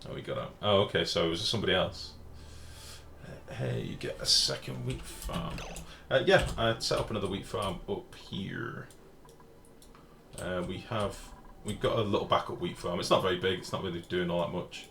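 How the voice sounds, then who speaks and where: A man's voice: low-pitched, animated, normal speed, gravelly, fairly bright tone, a little hiss or hum. A man, streaming a game live and chatting casually while reading out chat messages and swearing freely.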